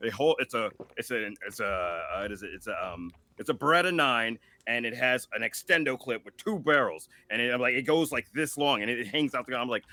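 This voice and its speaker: Podcast guest, man, gravelly bright voice, swings all over in pitch, jokey storyteller. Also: lively intonation, a little fast, dry recording. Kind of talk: casual podcast chat.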